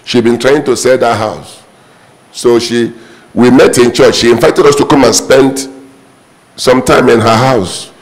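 A man's voice: medium pitch, steady tone, unhurried, poor audio. A man preaching a sermon as pastor, emphatic and repetitive, his voice leaping up on sudden exclamations.

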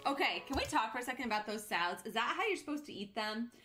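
A woman reacts to a vlog in quick, chatty bursts, her voice lively and bouncing. She exclaims and asks questions as she goes, with faint music underneath. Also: fairly high pitch. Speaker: reaction channel co-host. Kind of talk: casual reaction commentary.

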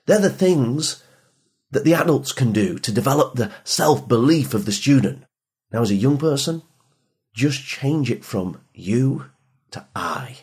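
A man speaking as a motivational speaker to teenagers and parents, emphatic and repetitive, sometimes dropping soft for emphasis. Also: a little high, lively intonation, brisk, slightly rough. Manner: emphatic, repeats phrases, drops soft for emphasis. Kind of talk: motivational podcast talk.

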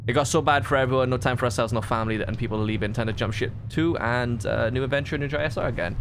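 A man's voice: mid-range voice, racing, noisy background. A man streaming a horror game, chatting with friends and thanking subscribers. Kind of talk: casual game stream chat.

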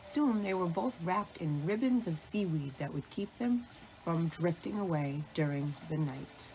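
A woman reading a children's bedtime story aloud in a calm, gentle storytelling manner. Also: on the low side, unhurried, a little hiss or hum, low-quality recording. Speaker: storybook reader.

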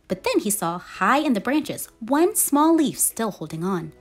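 Woman, children's book read-aloud, gentle, lively melodic voice, soft music behind. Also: a little high, measured pace. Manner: gentle, expressive storytelling. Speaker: storybook reader.

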